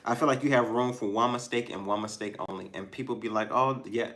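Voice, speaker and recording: A man's voice: on the low side, fairly even intonation, quick pace. Man, tarot reader, casual reading, talks to viewers, thinks aloud, restarts lines. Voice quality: musing, stops and restarts, soft laughs.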